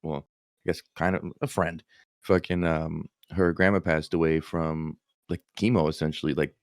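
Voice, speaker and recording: A very low-pitched man chats as co-host of a podcast. He talks in a relaxed, offhand way and swears freely. His voice comes through dry and close to the mic. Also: normal speed, no room sound. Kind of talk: casual chat.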